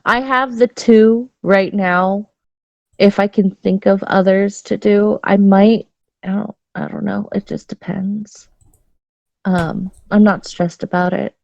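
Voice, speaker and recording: A woman's voice: medium pitch, steady tone, slow, gravelly, darkish tone, dry recording. Candid chatty woman, lo-fi dry sound. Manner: chatty, candid, bawdy, many restarts. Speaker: podcast co-host. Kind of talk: casual chat.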